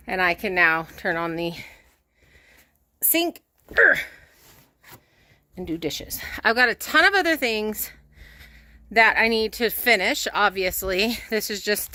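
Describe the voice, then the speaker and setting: Here a woman gives a casual vlog tour of her rural cabin homestead, indoors and out, chatting breathlessly, laughing often and addressing her cats. She has a mid-range, pushed and bright voice, recorded with no echo.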